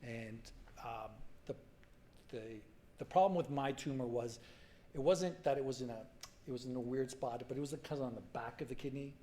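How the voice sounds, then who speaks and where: Halting, emotional man in his forties. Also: mid-range voice, dark tone. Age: 40s. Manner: halting and emotional, many fillers and restarts. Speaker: patient speaker at a medical symposium. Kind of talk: personal story told to an audience. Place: conference hall.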